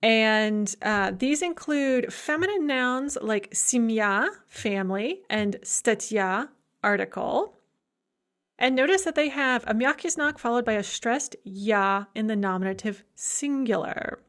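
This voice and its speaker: A woman giving a recorded grammar lecture, explaining slowly and deliberately, with enthusiastic asides. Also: a little high, animated, fairly bright tone. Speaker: Russian language lecturer.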